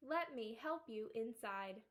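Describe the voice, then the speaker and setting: A helpful female robot from a storybook who speaks calmly and politely, as a woman reads her aloud. Her voice is a touch high. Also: unhurried.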